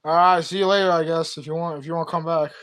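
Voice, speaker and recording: A man's voice: fairly high pitch, steady tone, fast, a bit bright. A young man live streaming from home on his phone, chatting to his cat in slangy, profane speech. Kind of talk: casual live stream chat.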